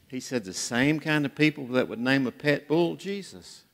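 A man's voice: on the high side, animated, normal speed, hardly any pauses. A man preaching a sermon in a church, telling jokes and stories in a folksy way. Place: church sanctuary. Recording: reverberant church hall.

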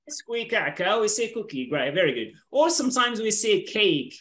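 A woman's voice: mid-range voice, sing-song, a bit bright. Patient woman teaching English. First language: Arabic. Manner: patient, repeats words slowly, switches to Arabic to explain. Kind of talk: online class teaching. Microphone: video call.

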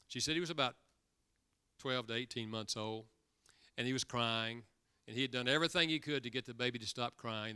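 A man's voice: medium pitch, bright, forceful tone, clean tone. An older man preaching a sermon, telling stories and acting out the quoted voices of the people in them. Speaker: pastor.

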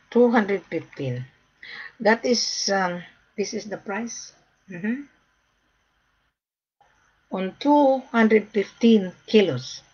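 A woman's voice: mid-range voice, breathy edge, highs cut off. A woman gold trader talking straight to camera in a casual vlog, emphatic and scolding, repeating her warnings.

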